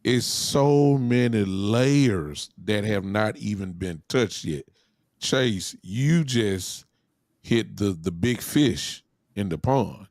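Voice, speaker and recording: A man who regularly drops in on a podcast, talking with a showman's flair and addressing ladies and gentlemen. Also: fairly low pitch, animated, slow pace, no echo, clean studio sound. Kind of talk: casual chat.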